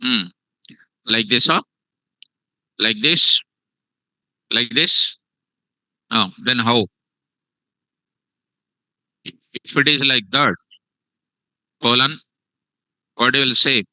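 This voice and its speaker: A man's voice: medium pitch, pushed and bright, no echo, poor audio. A man teaching a live programming class, repeating phrases and quizzing his students. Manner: repetitive, questioning students, restates phrases. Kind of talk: live classroom coding lesson.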